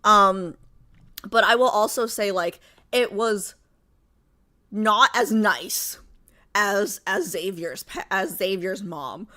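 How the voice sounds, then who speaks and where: A woman's voice: mid-range voice, slow pace, pauses often, bright, forceful tone. A young woman hosting a livestream, chatting casually with viewers in a rambling, filler-heavy way. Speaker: livestream host. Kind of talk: casual chat with live viewers.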